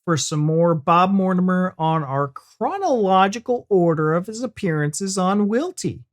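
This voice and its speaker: A man's voice: high voice, lively intonation, a little slow. An American man hosting a reaction video, chatting casually and joking with his co-host. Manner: playful, jokey banter.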